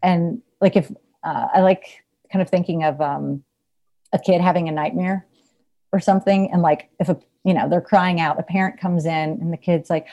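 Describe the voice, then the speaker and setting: A woman speaks in a relaxed, conversational way, thinking aloud with plenty of fillers and easy laughter. Her voice sits a little low and sounds mellow. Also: normal speed, muffled recording. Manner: reflective, laughs often, many fillers. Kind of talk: casual conversation.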